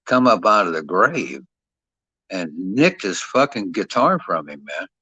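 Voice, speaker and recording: A man's voice: lowish voice, pushed and bright, no echo. A man talking casually and profanely at length, rambling and ending his sentences with "man". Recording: dull lo-fi dry sound.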